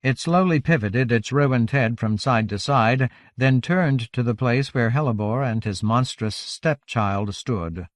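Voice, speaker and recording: A man narrating a fantasy audiobook in a measured, even reading on a close studio mic. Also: mid-range voice, no room sound.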